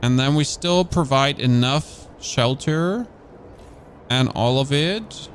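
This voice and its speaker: A man's voice: mid-range voice, slow, a little hiss or hum. A man from Germany with a German accent, commentating casually on a game he is streaming, thinking aloud and talking to his chat.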